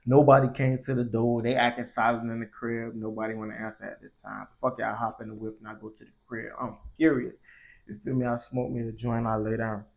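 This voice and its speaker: A man's voice: medium pitch, level tone, fairly quick, gravelly, darkish tone. A young man telling a story casually, in slangy and profane speech that grows heated. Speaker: vlogger.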